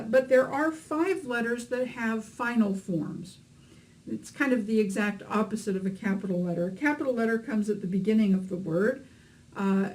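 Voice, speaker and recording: A mid-range, slightly mellow female voice narrates an instructional lesson teaching beginners to read Hebrew. Her explanations of letters and vowels are patient with a few fillers, and the audio quality is rough.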